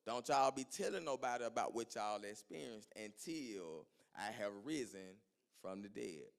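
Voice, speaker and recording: A man's voice: on the low side, lively intonation, unhurried, gravelly, pitched below the performer's own voice. A male pastor voicing Jesus in a sermon, speaking to his disciples in casual vernacular. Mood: earnest. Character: Jesus, calm man teaching his friends.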